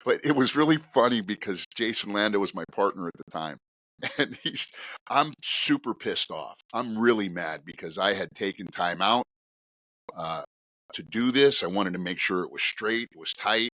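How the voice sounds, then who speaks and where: A middle-aged man, a retired police officer, telling stories on a podcast in a casual, animated, profane way. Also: moderate pace, dry recording. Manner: animated, profane, swinging pitch while telling a story.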